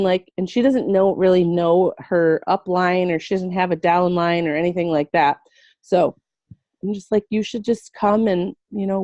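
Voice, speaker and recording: A woman's voice: fairly low pitch, dark tone, no room sound. A woman in her thirties who sells essential oils, telling a story in casual chat on a video call, animatedly quoting herself and her friend. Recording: dull lo-fi video call audio.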